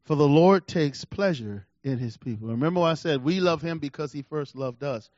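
A man preaching a sermon, swinging between loud shouts and hushed, intimate lines. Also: fairly high pitch, normal speed, no room sound, muffled recording. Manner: animated, swings from shouts to near-whispers.

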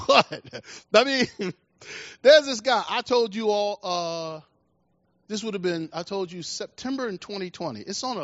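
A man's voice: high voice, a bit bright, no echo. A middle-aged man preaching a sermon in a folksy, colloquial way, acting out the voices of the people in his stories. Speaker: pastor. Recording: dull lo-fi dry recording.

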